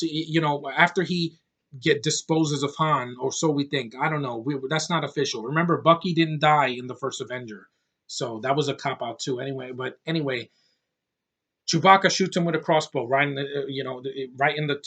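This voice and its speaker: Man, 30s, casual ranting film review, blunt, profane, rambling, slightly high voice. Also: fairly bright tone. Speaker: movie reviewer.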